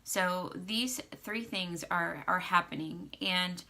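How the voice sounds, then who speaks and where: A woman's voice: fairly low pitch, slow, creaky, pushed and bright. A young adult woman vlogging casual marriage advice, chatty with many fillers, acting out little quotes. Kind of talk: casual advice talk to camera.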